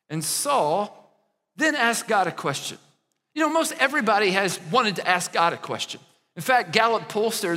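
A man preaching a sermon in a church, animated and conversational, often checking in with the congregation. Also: sits high, long reverb tail. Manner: animated preaching with frequent "right?" asides. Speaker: pastor.

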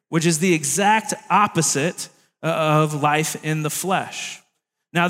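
A man's voice: fairly high pitch, fairly bright tone. Young male preacher in a reverberant hall. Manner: conversational, jokey asides to the congregation. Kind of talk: sermon.

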